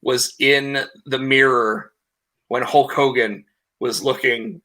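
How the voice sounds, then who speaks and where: A man co-hosting a casual podcast, retelling events in a rambling, animated way with lots of restarts. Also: mid-range voice, slow. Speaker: podcast co-host. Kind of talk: casual chat, recapping wrestling.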